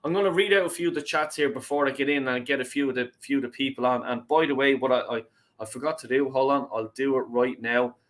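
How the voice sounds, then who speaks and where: He's a young Irishman hosting a fan call-in stream, talking fast in a mid-range voice. The chat is casual and full of swearing, and he reads viewers' messages out as he goes.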